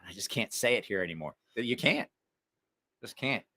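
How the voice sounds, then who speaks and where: A man's voice: on the low side, expressive, moderate pace, sharp tone, husky. A man hosting a knife channel, delivering a heated, profane opinion rant to the camera. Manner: angry, profane ranting.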